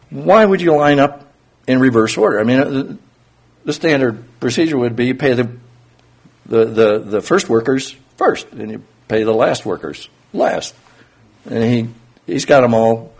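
Husky-voiced preacher, lively and conversational. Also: male voice, medium pitch. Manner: conversational, uses rhetorical questions. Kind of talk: sermon.

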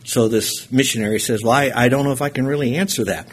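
A man preaching a sermon with a husky voice, telling stories and breaking into animated bursts of emphasis. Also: mid-range voice, fast.

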